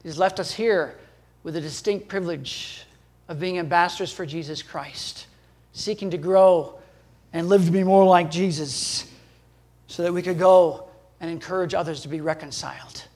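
A man preaching a sermon as pastor, emphatic, with sudden jumps in pitch and loudness and chuckles between points. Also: normal speed.

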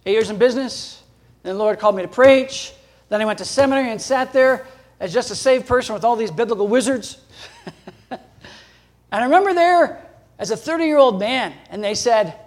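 A male pastor delivering a sermon in a notably high voice. He preaches emphatically, jumping up in pitch and loudness to drive points home. He chuckles between points. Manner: emphatic, with sudden rises in pitch and volume.

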